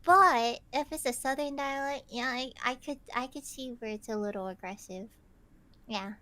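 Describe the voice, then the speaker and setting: A young woman hosting a casual podcast, telling stories in an animated, giggly way with lots of "like". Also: high voice, normal speed. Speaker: podcast host.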